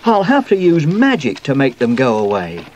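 A man voicing a small, excitable magician bear puppet in a children's storybook reading, with a high, bright voice. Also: normal speed, a little hiss or hum. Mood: earnest.

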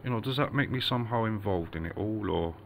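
Low gravelly man rambling and swearing. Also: fast talker, a little hiss or hum. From United Kingdom. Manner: rambling, swears constantly, mutters asides. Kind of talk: rambling monologue vlog.

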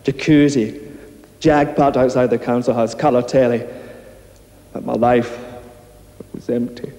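A man's voice: medium pitch, steady tone, unhurried, mellow, roomy sound, in a large hall, close to an everyday voice. An actor playing a male sinner confessing in a manic, comic babble in a sketch comedy.

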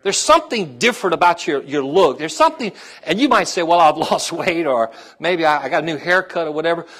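A man's voice: lively intonation, fairly quick, a bit bright. Conversational preacher man calling "amen?". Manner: conversational, repeats himself, asks "amen?"; rises in pitch and volume when stirring the congregation. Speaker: pastor. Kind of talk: sermon.

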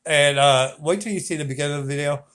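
A man in his forties filming at home, laughing hard, swearing and talking loudly in casual chat. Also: a little high, fast talker. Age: 40s.

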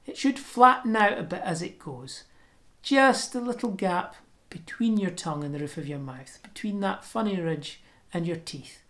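A woman giving a pronunciation lesson, explaining sounds step by step and demonstrating them slowly and deliberately. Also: mid-range voice, lively intonation. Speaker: language teacher.

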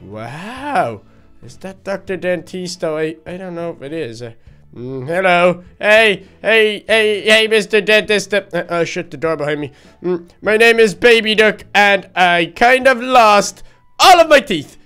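Man doing a high, bright cheeky baby duck. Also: unhurried, clear, resonant tone, faint music behind, heavily acted. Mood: excited. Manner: excitable, rambling, stammers. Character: cheeky young boy duckling, excitable and boastful. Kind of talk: Minecraft role-play voice acting.

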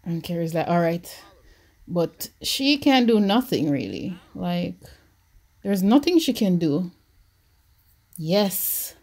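A young woman with a Jamaican accent giving excitable, anxious commentary as she plays a life-sim game. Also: on the low side, slow, long pauses. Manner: animated, swings from anxious murmurs to shrieks. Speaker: gaming YouTuber.

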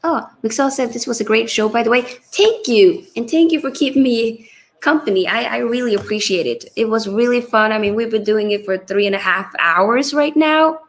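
A woman's voice: on the high side, normal speed, rough recording. A woman hosting a live football watchalong, chatting casually and reading out viewer comments, tired after a long stream. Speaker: livestream host.

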